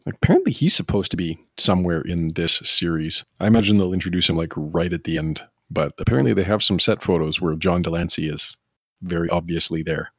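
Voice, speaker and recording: A man with a very low, slightly husky voice talks casually on a podcast, rambling from point to point and riffing with animated asides. The sound is dry and close, with no room around it. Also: brisk, no echo. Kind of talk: casual chat.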